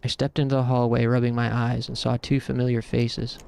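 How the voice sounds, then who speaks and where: A man's voice: mid-range voice, flat delivery, a little fast, vocal fry, a little mellow, smooth. A man streaming, reading a story game aloud in an earnest, reflective way.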